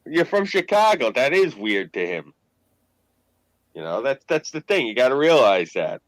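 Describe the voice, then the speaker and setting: A man with a New York accent, telling profane, animated stories in a casual chat. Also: medium pitch, moderate pace, no echo, rough recording. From Queens, New York.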